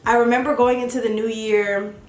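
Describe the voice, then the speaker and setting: A woman's voice: on the high side, little pitch movement, a little fast. A young woman vlogger, chatting candidly while doing her makeup. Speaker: beauty vlogger. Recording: echoey room.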